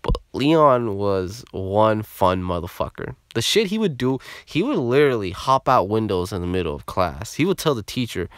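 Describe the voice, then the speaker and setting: A young man telling a story in a casual vlog, animated and heavy on swearing. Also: on the low side, normal speed, few pauses, dry recording, clean studio sound.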